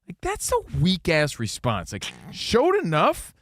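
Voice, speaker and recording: Male sports radio co-host, animated and lively, fairly high voice, dry close mic. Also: takes it slowly, dry recording. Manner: animated, acts out quotes in funny voices. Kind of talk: casual sports radio banter.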